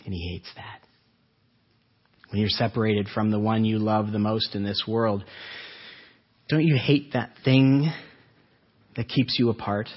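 Male pastor, husky voice, earnest sermon delivery with rhetorical questions, muffled low-fidelity sound. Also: fairly even intonation. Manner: earnest, asks rhetorical questions, slows for emphasis.

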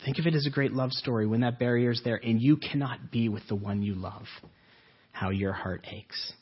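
Husky-voiced man preaching earnestly. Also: mid-range voice, muffled recording. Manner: earnest, asks rhetorical questions, slows for emphasis. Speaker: pastor. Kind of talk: sermon.

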